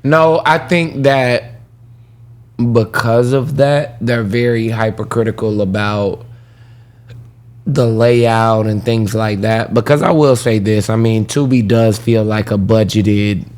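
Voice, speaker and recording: Slow-talking man on a podcast. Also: on the low side, fairly even intonation, darkish tone. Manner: unhurried, explains at length, laughs along. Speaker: podcast co-host. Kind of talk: casual chat.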